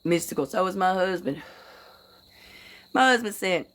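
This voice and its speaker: A woman's voice: on the low side, animated, normal speed, pauses often, slight background noise. A woman hosting a casual livestream who greets viewers by name, swears freely and tells rambling stories in a folksy way. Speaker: livestream host.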